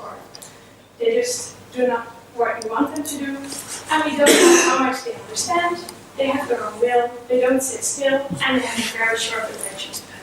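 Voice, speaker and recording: High-voiced woman presenting in echoey hall. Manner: explanatory, steady lecturing. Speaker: child language researcher. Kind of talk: conference presentation. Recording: echoey hall, far from mic, noisy.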